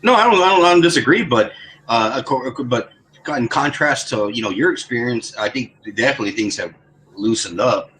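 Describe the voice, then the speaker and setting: A man's voice: medium pitch, lively intonation, a little fast, fairly bright tone, low-quality recording. A man in casual chat, talking hesitantly and often repeating words as he starts.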